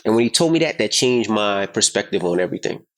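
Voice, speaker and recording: A man in his thirties co-hosting a casual podcast, telling a story with lots of swearing and loudly acting out the voices of the people in it. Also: fairly low pitch, fast. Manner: animated, profane, acts out quotes loudly. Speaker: podcast co-host.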